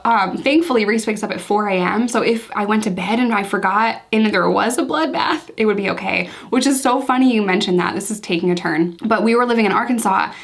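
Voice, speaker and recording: A woman's voice: mid-range voice, gravelly. Chatty laughing woman guest. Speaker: podcast guest. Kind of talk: casual chat.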